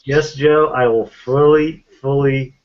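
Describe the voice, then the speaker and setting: A man's voice: mid-range voice, fairly even intonation, takes it slowly, a crowd in the background. Man agreeing dryly on a podcast. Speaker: podcast co-host. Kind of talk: casual movie review chat. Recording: dull lo-fi podcast audio.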